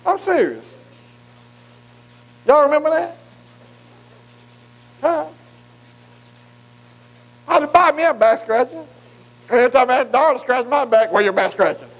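A man's voice: very high voice, a little slow, long pauses, low-quality recording. An older man preaching a folksy sermon, often checking in with his congregation. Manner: folksy, calls for congregation response.

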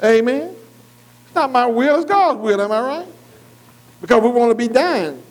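A preacher with a notably high voice delivers a call-and-response sermon. He keeps stopping to ask his listeners if they agree. He slows right down when he reads scripture aloud. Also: expressive, low-quality recording. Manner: repeatedly asks "am I right?"; reads scripture slowly and deliberately.

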